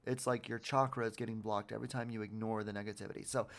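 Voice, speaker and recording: The podcast host has a lowish, steady voice and talks fast, discussing motivation in an earnest, casual way while frequently repeating words and occasionally cursing.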